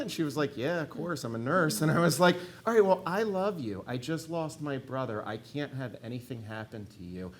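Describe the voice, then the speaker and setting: A middle-aged man giving a personal faith testimony, animated in places and hushed and earnest in others. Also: medium pitch, moderate pace, hardly any pauses. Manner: animated, shifts between excited and hushed earnest tones.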